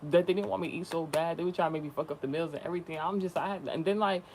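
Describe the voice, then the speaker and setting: A young man talks straight to his viewers in a loose, rambling vlog manner. He peppers his slangy talk with swearing and runs on from one thought to the next. His voice sits a bit high, with a faint hiss behind it. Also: fairly even intonation, very fast. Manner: profane, slangy, chatty and rambling. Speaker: spiritual content creator.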